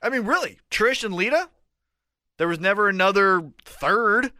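A man's voice: high-pitched, animated, normal speed, sharp tone, no room sound, clean studio sound. A man co-hosting a casual wrestling podcast chat, teasing and laid-back, with some swearing. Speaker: podcast co-host.

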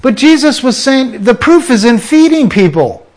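A man preaching a sermon, emphatic and full of rhetorical questions, sometimes dropping into quiet asides. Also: very high voice, big pitch swings, normal speed.

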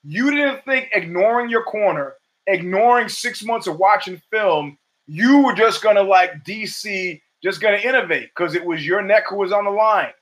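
An older man hosting his own show, talking in a rambling, profane, animated monologue full of stories. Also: high-pitched, moderate pace. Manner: profane, rambling, animated storytelling with acted quotes. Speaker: podcast host. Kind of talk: casual monologue.

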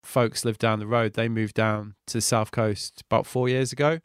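Man, thirties, casual podcast chat, smooth voice, dry close sound. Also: fairly low pitch, moderate pace, no room sound. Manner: relaxed, chatty, self-deprecating.

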